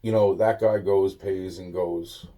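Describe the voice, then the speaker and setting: A man's voice: sits low, fairly even intonation, unhurried, dark tone. A man casually telling a rambling personal story, swearing often and restarting his sentences. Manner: rambling, profane, many restarts. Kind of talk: casual spoken anecdote.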